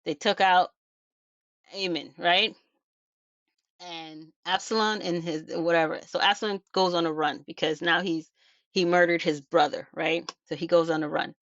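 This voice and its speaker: Chatty, low-voiced woman telling a story. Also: fairly even intonation, moderate pace, dry recording, dull audio. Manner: chatty and emphatic, with rhetorical asides and restarts. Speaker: video host. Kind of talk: casual storytelling commentary.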